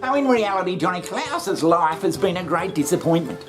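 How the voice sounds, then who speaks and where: A woman's voice: fairly low pitch, big pitch swings, normal speed, music in the background. Sarcastic swearing woman comedy host. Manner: sarcastic, swearing, laughs often. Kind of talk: satirical comedy monologue.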